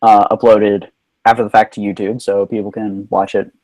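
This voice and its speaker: A man's voice: lowish voice, flat delivery, normal speed, darkish tone, no echo, poor audio. Hesitant man chatting, dry sound. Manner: hesitant, many fillers and restarts. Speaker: host. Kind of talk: casual live-stream movie chat.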